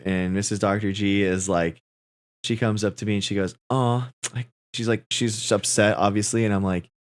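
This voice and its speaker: A man's voice: fairly low pitch, dry recording. A man in his thirties, a livestream host, chatting casually and telling rambling personal stories to his viewers. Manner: rambling storytelling, addressing viewers as guys.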